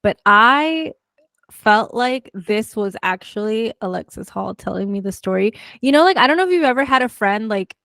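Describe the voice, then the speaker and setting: Expressive young woman, slightly high voice. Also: moderate pace, dry recording. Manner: expressive, laughing, rambling storyteller. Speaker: book club co-host. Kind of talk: casual chat.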